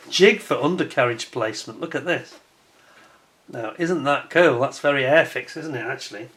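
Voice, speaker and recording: A man's voice: mid-range voice, moderate pace, fairly bright tone. A man giving a casual hands-on review of a scale model kit, chatty and admiring, with wry self-mocking asides.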